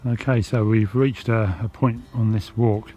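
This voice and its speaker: A man talking casually to his camera while hiking over hills outdoors, relaxed and chatty, sometimes out of breath from the climb. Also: lowish voice, measured pace. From England. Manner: relaxed, chatty, thinking aloud with fillers. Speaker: hiking vlogger. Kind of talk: casual walking commentary to camera. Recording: dull lo-fi sound with music behind. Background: background music.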